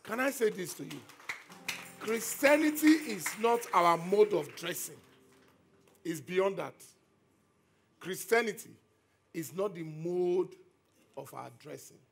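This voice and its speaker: A man's voice: high-pitched, lively intonation, slow, gravelly, pauses often, a little hiss or hum. A man, a pastor preaching an emphatic sermon that repeats key phrases.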